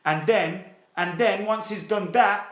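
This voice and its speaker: A man hosting a casual football fan live stream, excitable and sweary as he reads viewer comments aloud. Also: high voice, measured pace. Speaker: football fan channel host. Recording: roomy echo.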